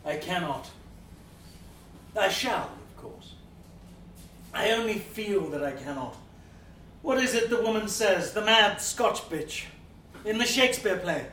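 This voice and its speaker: Brief: male actor as a drunken middle-aged Georgian gentleman, theatrical monologue swinging wildly in pitch, faint background noise. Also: animated, takes it slowly, pauses often, full character voice. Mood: brooding. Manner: theatrical, swinging between bluster and hushed brooding. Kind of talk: dramatic monologue. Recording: roomy, distant mic.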